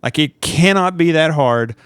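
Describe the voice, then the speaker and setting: Animated storytelling man, smooth voice. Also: on the high side, a little slow, no room sound, studio quality. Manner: animated storyteller, acts out shouts and quotes. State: sleep deprived. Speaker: podcast co-host. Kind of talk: casual chat.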